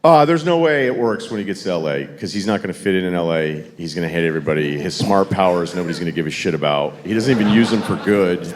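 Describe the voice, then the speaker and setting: A man's voice: low voice, expressive, fast, few pauses. A man on a live podcast panel, chatting casually and giving blunt, dry takes. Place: live stage in a concert venue.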